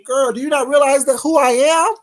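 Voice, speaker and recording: Woman livestreamer, fairly high voice, cussing out her chat, combative and blunt. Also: steady tone, brisk. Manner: profane, confrontational, swings loud and quiet. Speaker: livestream host. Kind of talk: heated livestream rant to chat.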